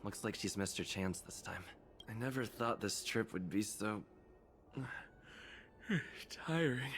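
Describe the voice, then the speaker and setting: A man's voice: lowish voice, slow pace, fairly bright tone, soft background music. An actor playing a tired young male traveler in a game. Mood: weary. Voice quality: tired, sighing.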